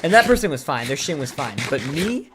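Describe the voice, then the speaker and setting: A man's voice: a little high, very animated, a little fast. A man streaming, telling a long rambling story while he plays, full of "like" fillers and restarts. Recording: noisy home stream mic with clicks.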